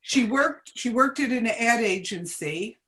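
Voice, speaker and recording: A woman's voice: on the high side, lively intonation, unhurried, a bit bright. A woman in her seventies from New Jersey, reminiscing as an interview guest, hesitant, with many ums and restarts. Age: 70s. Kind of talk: casual reminiscing chat.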